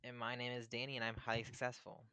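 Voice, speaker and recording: A young man co-hosting a casual podcast, speaking in a drowsy, deadpan and low-key way. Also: quick pace, clear, resonant tone, no room sound. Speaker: podcast co-host.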